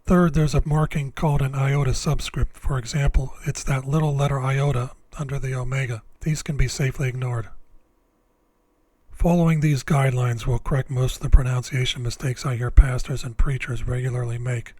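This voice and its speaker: Man, scripted lesson narration, measured and deliberate, mid-pitched voice, dry close sound. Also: steady tone, darkish tone, dry recording. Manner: slow, deliberate, measured explanations. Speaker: Bible language teacher.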